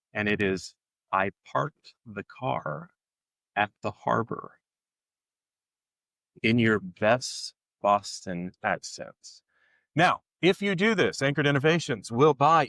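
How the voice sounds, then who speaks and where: A man emcees a live podcast session in a playful, upbeat way and jokes with the crowd. His pitch is ordinary, and his voice sounds dry and close, with no room echo. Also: fairly bright tone. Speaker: podcast host.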